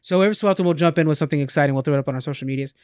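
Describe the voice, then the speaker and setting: A man hosting a podcast in casual chat, quick and chatty, often repeating words. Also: on the high side, a little mellow, clean tone, dry recording, clean studio sound. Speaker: podcast host. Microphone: podcast microphone.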